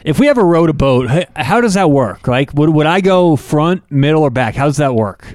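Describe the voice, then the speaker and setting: A man co-hosting a casual sports podcast, telling animated stories and mimicking fans. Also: on the high side, a little fast, no echo, clean studio sound. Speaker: podcast co-host.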